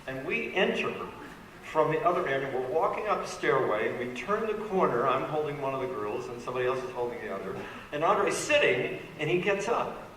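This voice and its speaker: A man speaking as a panel guest at a fan convention, spinning an animated story and slipping into other people's voices. His fairly high voice reaches the mic from a distance. The sound rings through a large, reverberant hall over a steady background hiss. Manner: lively storyteller, acts out voices.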